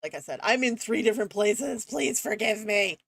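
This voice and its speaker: A woman's voice: mid-range voice, expressive, moderate pace, gravelly, husky, dry recording, studio quality. A woman running a tabletop game as game master, talking casually with many fillers.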